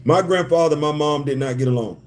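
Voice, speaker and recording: A man's voice: fairly high pitch, fast talker. A man hosting a casual livestream chat from a hotel room, joking and repeating his phrases. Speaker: host.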